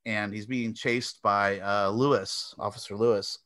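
A man co-hosting a casual podcast, retelling movie scenes in an animated way with laughs and acted-out bits. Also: lowish voice, a little slow, no echo. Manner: animated storyteller who acts out scenes with squeals and laughs. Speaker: podcast co-host. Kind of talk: casual chat about movies.

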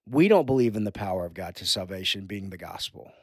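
A man's voice: deep voice, expressive, quick pace, husky, no echo. A man, a youth pastor, talking in an earnest conversation that drifts into preaching. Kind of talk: casual conversation.

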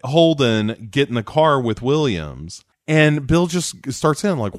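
A man's voice: mid-range voice, lively intonation, unhurried, dry recording, clean studio sound. A man casually retelling a TV episode on a podcast, acting out the characters' lines and swearing freely. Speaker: podcast co-host recapping a TV episode. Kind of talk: casual chat.

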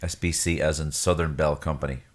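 A man's voice: a bass voice, fairly even intonation, fairly quick. A man with a faint Irish accent co-hosting a podcast from his bedroom, talking in a rambling casual way and often correcting himself. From Ireland. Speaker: podcast co-host. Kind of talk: casual chat. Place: bedroom at home.

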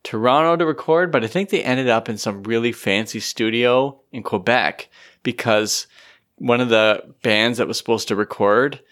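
Bright-voiced man chatting on a podcast. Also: medium pitch, normal speed. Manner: chatty, laughing easily. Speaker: podcast co-host. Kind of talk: casual chat.

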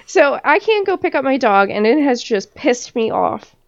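A woman with a high voice chats casually on a podcast, spinning a story full of swearing and laughter. The recording is dull and lo-fi. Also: sing-song, moderate pace, vocal fry. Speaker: podcast co-host. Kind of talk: casual chat.

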